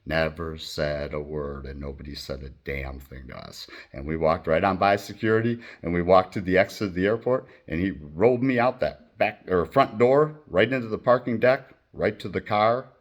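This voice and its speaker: A man's voice: deep voice, moderate pace, few pauses, lo-fi sound. A middle-aged man from Michigan in the United States, a channel host telling a personal story in a rambling, profane and blunt way. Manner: profane, blunt and animated, acting out quoted voices.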